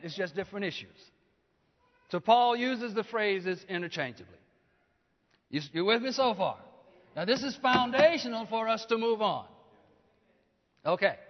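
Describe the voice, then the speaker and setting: A man preaching a sermon, often asking the congregation questions and rising to loud, emphatic peaks. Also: very high-pitched. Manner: call-and-response preaching, asks the congregation questions. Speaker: pastor. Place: church. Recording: dull lo-fi church hall recording.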